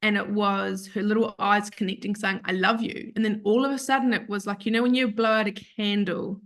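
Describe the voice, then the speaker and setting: A woman guest on a podcast, telling an emotional personal story in an animated, earnest way and acting out what other people said. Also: mid-range voice, brisk. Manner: earnest, open about grief.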